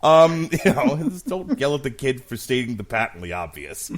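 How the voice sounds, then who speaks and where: A man's voice: medium pitch, big pitch swings, moderate pace. A man in his thirties co-hosting a podcast, chatting casually and telling stories with plenty of swearing and jokes. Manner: profane, storytelling, jokey. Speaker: podcast co-host. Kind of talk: casual chat.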